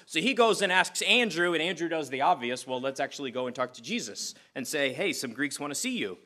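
A man giving a sermon as a pastor, moving from scripture reading and prayer into a conversational talk full of "uh" fillers. His voice sits a little high and rings bright and forceful.

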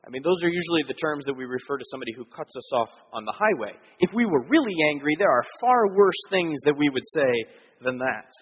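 A man's voice: a little high, expressive, fast, slightly rough. A man preaching a sermon as pastor, explaining earnestly with frequent fillers. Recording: long hall reverb.

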